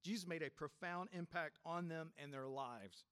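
A male pastor giving a sermon in a reflective, unhurried way, with soft laughs and sudden drops from a firm voice to a near hush. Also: on the high side, clean tone, no echo.

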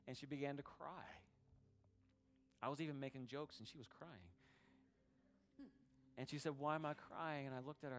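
A pastor preaching a sermon, earnest and personal, often repeating and restarting phrases, then building into a fervent prayer. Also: male voice, on the high side, clear, resonant tone, in a large hall. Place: church sanctuary.

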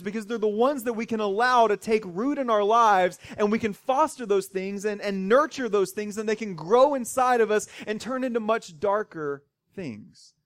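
Man, preacher, conversational sermon, wry asides, high-pitched, dry close sound. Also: fairly bright tone, no echo. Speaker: pastor.

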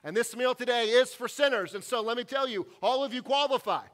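A man with a fairly high voice preaching to his congregation. He is earnest and deliberate. He slows right down on the weighty lines and falls to a near hush to land a point. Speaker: pastor. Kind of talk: sermon and closing prayer. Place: church sanctuary.

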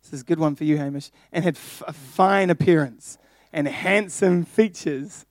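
High-voiced, playful young preacher. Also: male voice, normal speed, dry recording, studio quality. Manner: playful, jokey, addressing the congregation. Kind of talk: sermon.

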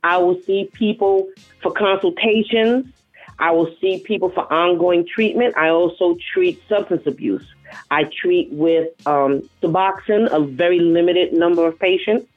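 A woman's voice: fairly low pitch, measured pace. A woman from the South Bronx with a New York accent, speaking frankly and playfully as a guest on a phone interview. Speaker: guest, health professional. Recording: tinny phone line with faint music.

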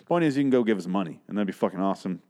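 A man's voice: low-pitched, lively intonation, rapid-fire, warm tone. Rambling, profane male podcast host. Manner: rambling, profane, acts out characters. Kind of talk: casual solo podcast chat.

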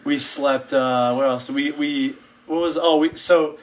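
A man's voice: fairly high pitch, steady tone, measured pace. A man in his twenties, a band member, telling tour stories in a rambling, casual way, full of slang and restarts. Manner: rambling, lots of fillers and restarts, loose slang. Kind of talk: casual storytelling chat.

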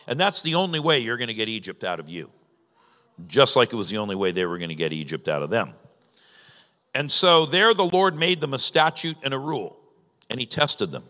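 A man's voice: medium pitch, sharp tone. A man preaching a sermon as pastor, teaching in a conversational way with emphatic rises. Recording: long reverb of a large hall.

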